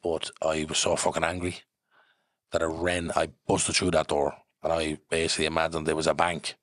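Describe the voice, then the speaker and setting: Fast-talking Dublin man, low voice. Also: no echo. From Ireland. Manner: animated, swears freely, acts out quoted voices. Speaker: podcast guest. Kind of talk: casual storytelling.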